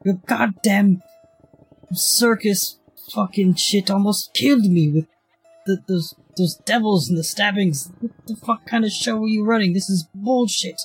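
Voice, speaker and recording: A man's voice: sits high, measured pace, husky, no echo, soft background music, exaggerated voice. A man voicing a hot-headed male fighter who swears and threatens constantly. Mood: furious. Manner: swearing, aggressive.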